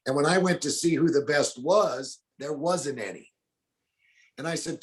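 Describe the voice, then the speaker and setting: An older man telling animated stories in an interview, acting out the people he quotes. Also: on the high side, measured pace. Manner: colorful storyteller, acts out quotes in other voices. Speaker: bounty hunter guest.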